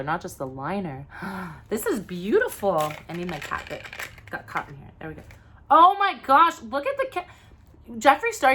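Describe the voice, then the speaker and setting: Mom vlogger woman, excitable unboxing chatter, very lively pitch, faint room hiss behind. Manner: gushing, excitable, gasps and squeals. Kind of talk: casual unboxing vlog.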